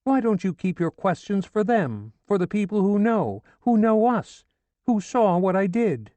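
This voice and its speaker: A grieving, indignant old woman, put on by a male narrator in a high, mellow voice. She laments and then berates with fierce scorn, in a close, dry audiobook read. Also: a little slow, no echo. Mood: indignant tirade. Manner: wailing, then scolding and indignant. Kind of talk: audiobook character reading.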